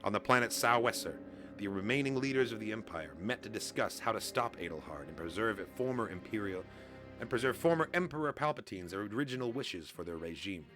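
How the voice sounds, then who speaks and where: A man hosting a comic readalong and reacting to what he reads, excitable and chatty. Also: fairly low pitch, brisk, over music.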